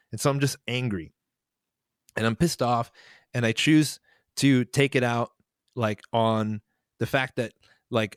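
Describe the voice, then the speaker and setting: A young man in a casual podcast chat, rambling through a story with plenty of filler words and chuckles. His voice sits at an ordinary middle pitch. The sound is close and dry. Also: no echo. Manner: rambling, lots of fillers, laughs while telling stories.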